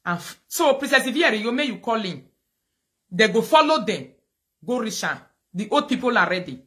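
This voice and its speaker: A woman's voice: fairly high pitch, very animated, moderate pace, fairly bright tone. A woman with a Nigerian Pidgin accent hosting a live video, outspoken and dismissive. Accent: Nigerian Pidgin English.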